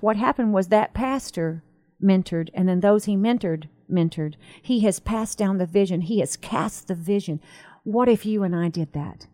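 A woman co-hosting a Christian talk show, telling a story in an animated, emphatic way. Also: medium pitch, measured pace. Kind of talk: conversational faith talk.

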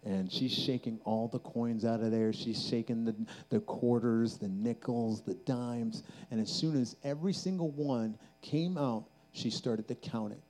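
Male camp preacher, dark mellow voice, storytelling into urgent exhortation. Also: mid-range voice, measured pace, hardly any pauses, poor audio. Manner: storytelling that builds to fervent exhortation. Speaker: speaker at a youth camp. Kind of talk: sermon.

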